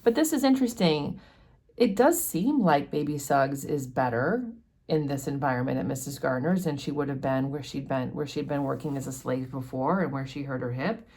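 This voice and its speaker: A woman with a low, relaxed voice walks through a book chapter in a chatty teaching manner. She pauses often with fillers and talks the story over casually. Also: breathy edge. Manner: chatty, explanatory, many fillers. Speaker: book study host.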